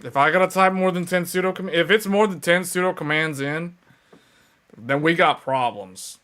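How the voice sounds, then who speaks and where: Male tech show host, casual and excitable, voice sitting a bit high, full of fillers and exasperated outbursts. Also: normal speed. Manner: animated, exasperated, lots of fillers. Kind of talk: casual livestream chat.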